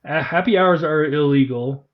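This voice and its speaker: A man co-hosting a podcast, talking casually and reading facts off his notes with an easy laugh. His voice sits a little high for a man, and the recording sounds dull and lo-fi. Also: moderate pace. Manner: chatty, reads facts off notes, laughs easily. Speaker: podcast co-host.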